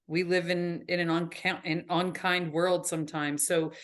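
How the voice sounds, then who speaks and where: A woman's voice: on the low side, level tone, moderate pace, fairly bright tone. A woman guesting on a podcast in a recording studio, talking in a chatty, rambling way and laughing easily. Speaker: podcast guest, business owner. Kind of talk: casual interview chat.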